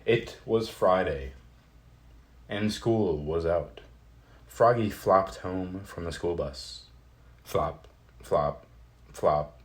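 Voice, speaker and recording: A man reads a children's picture book aloud in a very low voice. He takes his time, slow and deliberate, with an even, steady storyteller's pace. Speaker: storybook narrator.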